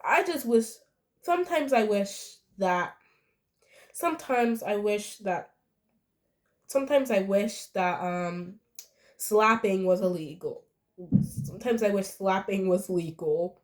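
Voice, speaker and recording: A woman's voice: medium pitch, expressive, slow pace. A young woman giving an indignant, rambling reaction commentary, full of fillers.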